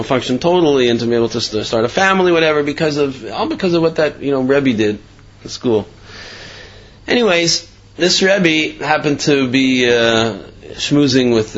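A man telling a moral story in a casual, rambling way, full of fillers and asides. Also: medium pitch. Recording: slightly dull lo-fi sound.

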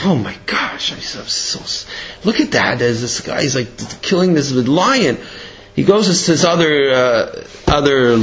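A man teaching a religious text lesson in an animated way, acting out quotes and often restarting sentences. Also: mid-range voice. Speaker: Torah teacher. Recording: dull lo-fi recording.

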